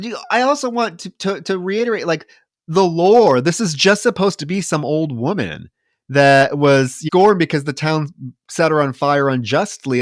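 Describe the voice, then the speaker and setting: A man's voice: a little high, no room sound, studio quality. A man co-hosting a podcast, griping about a film in casual, profane chat and mocking its scenes. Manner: exasperated, profane, mocking retellings. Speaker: podcast co-host. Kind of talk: casual movie-review chat.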